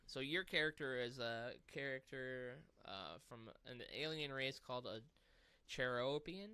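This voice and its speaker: A man co-hosting a casual gaming podcast, telling stories in an animated, profane way. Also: medium pitch, unhurried, smooth, no room sound. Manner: animated storytelling with swearing and laughs. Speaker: podcast co-host.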